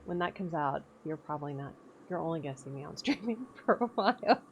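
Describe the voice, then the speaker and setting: A woman's voice: sits low, expressive, fairly quick, a little hiss or hum. A woman streamer chatting casually over gameplay, laughing often and swearing freely. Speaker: game streamer.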